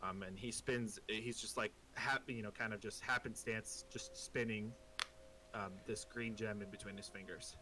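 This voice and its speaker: A man narrating as game master of a tabletop game, relaxed and hesitant, with many pauses and ums. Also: fairly low pitch, rough recording.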